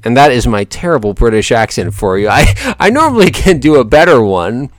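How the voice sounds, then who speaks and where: A man's voice: medium pitch, big pitch swings, fairly quick, dry recording, studio quality. A man giving casual boxing commentary in a rambling, joking way, often correcting himself and laughing.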